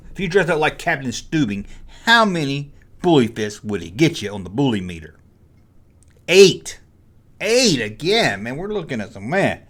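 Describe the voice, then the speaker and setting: A man hosting a jokey rant, with animated delivery and mock-taunting asides. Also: medium pitch, normal speed. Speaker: host. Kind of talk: ranting toy and costume commentary.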